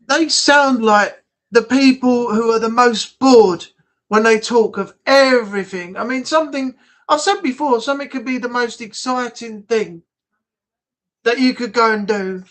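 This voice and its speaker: A man's voice: extremely high pitch, measured pace, fairly bright tone. A man from the United Kingdom hosting a casual livestream chat, rambling and blunt. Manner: rambling, chatty, blunt, with frequent restarts. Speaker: livestream host. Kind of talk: casual live chat reading comments.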